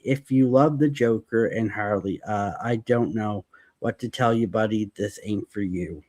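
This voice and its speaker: A man's voice: lowish voice, unhurried, darkish tone. Jokey podcast host man. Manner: jokey, hands off turns. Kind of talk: casual chat, reading a comic summary.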